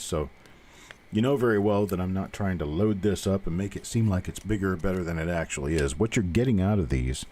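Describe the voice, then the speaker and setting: A man's voice: low voice, a little mellow. An older man hosting a live coin roll hunting show, chatting casually in a folksy, rambling way with the odd joke, speaking plainly and reassuringly to his viewers. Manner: folksy, rambling storyteller who cracks jokes. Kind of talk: casual live-stream chat.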